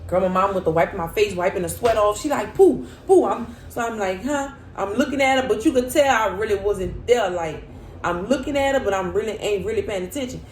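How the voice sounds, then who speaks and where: A young woman, telling a dramatic storytime vlog in an animated, expressive way. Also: medium pitch, a little fast. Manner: animated, dramatic, swings to loud cries when reliving. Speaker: vlogger. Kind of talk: casual storytime. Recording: echoey room with faint hum.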